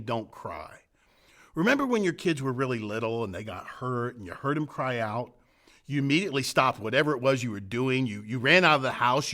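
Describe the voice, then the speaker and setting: Middle-aged male pastor, sermon delivery, earnest and emphatic, lively swinging pitch. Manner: earnest, building emphatic repetitions then dropping to soft hushed phrases. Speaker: senior pastor.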